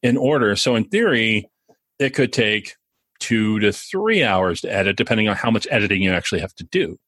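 A man's voice: fairly low pitch, very animated, a little fast, a bit bright, slightly rough, no echo. A man co-hosting a podcast in casual chat, explaining things at length with frequent chuckles. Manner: explanatory, chuckles while talking. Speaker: podcast co-host.

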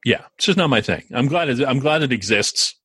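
A male co-host talks animatedly and fairly quickly on a podcast, his mid-range voice bright and forceful with a breathy edge. His casual chat wanders, with lots of fillers and restarts. The studio-quality audio has no echo.

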